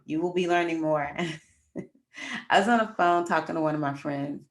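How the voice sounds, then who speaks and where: A middle-aged woman hosts a casual astrology livestream, chatting with her viewers, calling them "y'all," and sharing a personal story. Her voice is deep and moves at a moderate pace.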